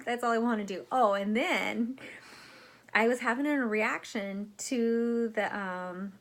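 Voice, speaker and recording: A woman's voice: on the high side, measured pace. A middle-aged woman telling a long personal story to camera in a casual, rambling vlog, with many fillers and acted-out quotes. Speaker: crafting vlogger.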